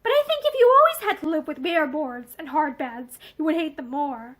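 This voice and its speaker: A woman reading as a gentle, sensible young woman. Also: high voice, animated, moderate pace. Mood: soothing. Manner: soothing, matter-of-fact.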